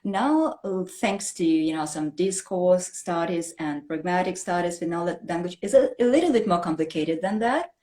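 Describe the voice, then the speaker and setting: A woman English teacher, explaining language points in an animated, conversational way and often checking in with "right?". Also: on the low side, moderate pace, hardly any pauses. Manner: animated, explanatory, frequent "you know" and "right?".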